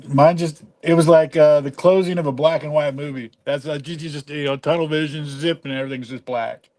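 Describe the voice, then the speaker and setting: A man telling stories in a casual chat, halting and stammering. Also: on the high side, fairly even intonation, darkish tone.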